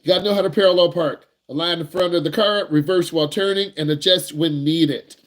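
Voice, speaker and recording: Guy driving teacher, kinda high voice, real-talk slangy advice, keeps repeating himself. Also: brisk. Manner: blunt, repetitive, slangy advice. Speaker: driving instructor. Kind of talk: casual teaching talk to young drivers.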